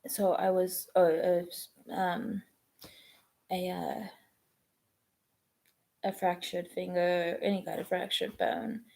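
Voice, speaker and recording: A woman, chatting casually on a live stream, rambling and halting with many ums and restarts. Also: lowish voice, little pitch movement, vocal fry, darkish tone. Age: 20s.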